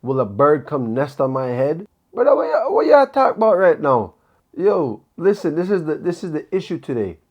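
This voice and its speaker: A man's voice: a little high, sing-song, normal speed, highs cut off. A man giving preacherly commentary, emphatic and full of rhetorical questions and scripture quotes. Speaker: commentator on a podcast clip.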